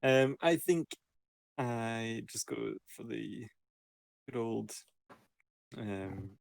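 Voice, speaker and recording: A man playing in a tabletop game speaks very slowly in a gravelly voice. He is quiet and hesitant, trailing off with fillers as he works out his move. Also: mid-range voice, lively intonation, dry recording. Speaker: player.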